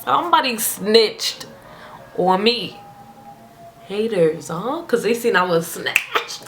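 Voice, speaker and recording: A woman's voice: mid-range voice, takes it slowly, over music. Chatty young woman telling a story. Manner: chatty, animated, slangy storyteller who breaks into character voices. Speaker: vlogger. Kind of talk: casual storytime vlog. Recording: roomy echo, faint ambience.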